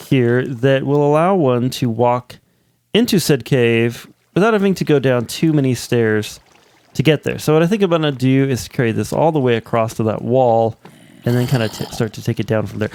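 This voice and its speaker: A man's voice: medium pitch, moderate pace, darkish tone. A man casually narrating his own game footage as host, wandering through a tour with frequent self-corrections. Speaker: Minecraft let's play host. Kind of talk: casual gameplay commentary.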